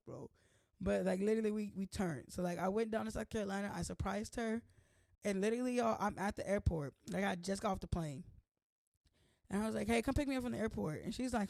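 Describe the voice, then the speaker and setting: Gravelly, chatty young woman vlogger. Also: mid-range voice, expressive, a little fast, a little mellow, no echo, clean studio sound. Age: young adult. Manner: chatty, playful, says "like" constantly. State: slightly hoarse from allergies. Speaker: host. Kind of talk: casual vlog chat.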